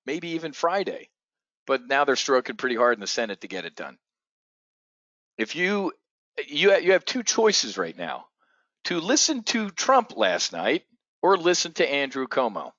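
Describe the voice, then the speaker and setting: A man runs a live trading stream, talking bluntly and excitedly with frequent curses. His voice is dry and close, with a slightly dull, muffled tone. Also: a little high, a little slow, long pauses, no echo. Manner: excitable, profane, blunt asides. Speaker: options trading show host. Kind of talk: live market commentary.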